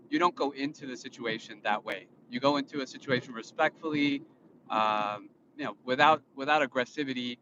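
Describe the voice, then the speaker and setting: Man, 30s, phone vlog in a car, rambling and indignant, muffled sound over steady road noise. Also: medium pitch. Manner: rambling, with many fillers and restarts; indignant, lecturing tone. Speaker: vlogger and father. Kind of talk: casual vlog monologue. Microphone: phone filming himself. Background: vehicle noise.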